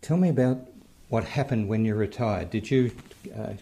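An Australian man hosts in a chatty, relaxed way, talking straight to his listeners. His voice sits a little low. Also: moderate pace, creaky. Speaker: podcast host and interviewer. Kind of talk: casual introduction and interview.

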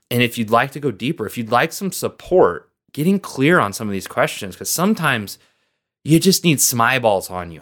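A man hosting a motivational podcast as a coach, talking earnestly and encouragingly straight to his listeners. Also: mid-range voice. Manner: earnest, encouraging, lively emphasis.

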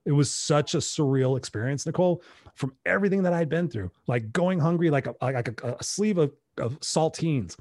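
A man's voice: fairly high pitch, normal speed, darkish tone, dry recording. A middle-aged American man telling a personal story in conversation, animatedly acting out his own past dialogue. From United States. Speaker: interview guest.

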